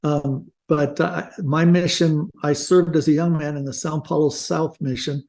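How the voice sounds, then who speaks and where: Earnest older man, mellow voice. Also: fairly high pitch, fairly even intonation, a little slow, gravelly. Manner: earnest, reflective, with small restarts. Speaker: guest author. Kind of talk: casual interview talk.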